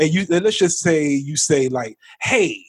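Male co-host, husky voice, animated storyteller, dry close sound. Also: a little high, unhurried, no room sound. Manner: animated storyteller, acts out arguments. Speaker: podcast co-host. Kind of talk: casual political chat.

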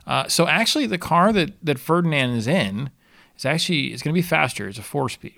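A man's voice: fairly high pitch, expressive, fairly quick, creaky, bright, forceful tone, no echo. A man co-hosting a podcast who chats about history and keeps cracking jokes. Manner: wisecracking, chatty. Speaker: podcast co-host. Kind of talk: casual history chat.

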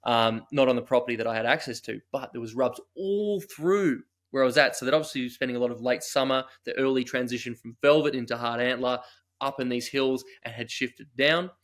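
A man's voice: medium pitch, fairly quick, fairly bright tone. An Australian man, a guest on a podcast, telling a long story in a rambling, self-deprecating way. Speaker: guest hunter. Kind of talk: casual storytelling.

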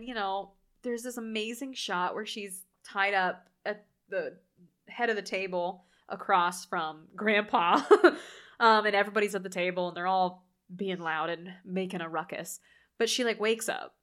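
A woman, animated and laughing often as she recaps a horror movie in casual chat. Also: medium pitch. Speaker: podcast co-host.

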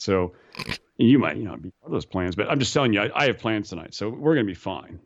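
A man's voice: fairly low pitch, lively intonation, fast talker, no echo. Brief: male skydiving instructor spinning yarns, rambling, stumbles over repeats, muffled and dry. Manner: rambling, repeats words, laughs at own stories. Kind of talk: casual storytelling chat. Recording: slightly dull, dry recording.

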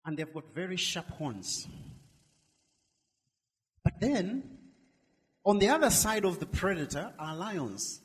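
A middle-aged male minister preaching a sermon, swinging between loud emphatic lines and soft drawn-out words. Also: sits high, big pitch swings, in a large hall.

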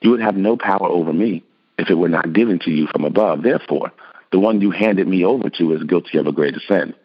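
A calm, solemn accused teacher, read by a man. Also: low-pitched, fast talker, highs cut off. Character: calm male teacher on trial, steady and solemn.

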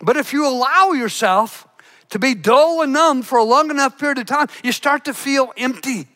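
A middle-aged man preaches with fervor, often repeating and restarting his words. His voice sits high and sounds bright and forceful. The church hall leaves a long reverb behind him. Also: moderate pace. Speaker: pastor. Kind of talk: sermon.

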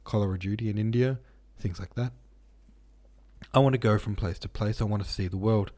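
A man's voice: on the low side, brisk, a little mellow, close to an everyday voice. A man reading the part of an earnest, easily moved young male medical student, in an audiobook.

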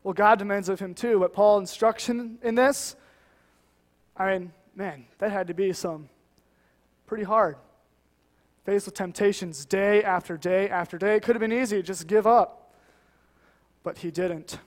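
A man's voice: high voice, measured pace, long pauses, long reverb tail. A man preaching a sermon in an earnest, conversational way, with many "you know" asides. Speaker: guest preacher.

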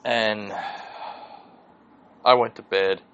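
A man's voice: fairly low pitch, steady tone, very slow, fairly bright tone, muffled recording, a little hiss or hum. A man hosting his own podcast, telling a rambling, profane story in a casual solo monologue. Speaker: podcast host.

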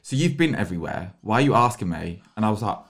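A man's voice: fairly low pitch, very animated, quick pace. Man, young, London accent, casual podcast chat, giggly, camp storytelling. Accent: London English. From England. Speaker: podcast co-host.

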